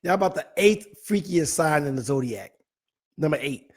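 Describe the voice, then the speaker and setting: A man's voice: a little high, normal speed, breathy edge. Playful man hosting a live talk show. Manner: playful, animated, teasing asides to viewers. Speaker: host. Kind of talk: live online talk show, reading viewer comments.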